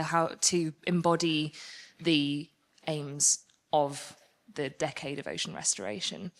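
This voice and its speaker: A woman's voice: low voice, fairly even intonation, moderate pace, gravelly. A woman in the audience asking a polite question, searching for her words.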